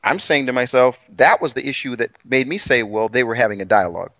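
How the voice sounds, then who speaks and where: A man's voice: mid-range voice, animated, fast, a bit bright, no room sound. Rambling self-deprecating man co-host. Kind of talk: casual Bible study chat.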